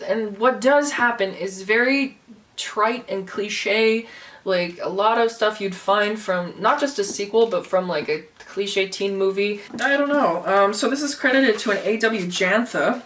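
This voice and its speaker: A woman's voice: mid-range voice, a bit bright, recorded from a distance. A young woman vlogging a book review, sarcastic and swearing, laughing between complaints and mocking what she reads. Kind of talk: casual vlog rant.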